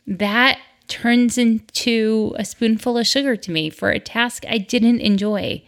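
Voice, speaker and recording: This is a woman in her forties giving casual parenting advice in a chatty, upbeat way. Her voice sits slightly higher than most, and she drops in playful little asides. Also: measured pace, creaky, a bit bright. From northern US.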